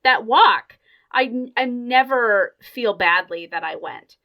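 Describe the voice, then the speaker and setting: Bright-toned woman, reflective podcast co-host. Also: fairly high pitch, expressive, slow, creaky. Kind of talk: casual podcast chat.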